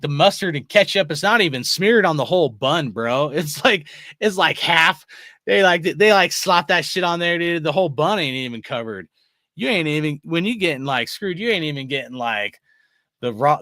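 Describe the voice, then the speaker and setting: Profane rambling guy, bright and dry. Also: mid-range voice, no echo. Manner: profane, rambling, laughs often, says bro and dude. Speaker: sports fan show host. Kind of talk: casual rant to viewers.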